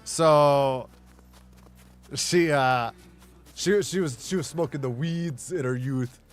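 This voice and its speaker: A man's voice: fairly high pitch, slow, faint music behind. Rambling, swearing male game streamer. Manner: rambling, swearing, laughing often. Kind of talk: casual gameplay chatter.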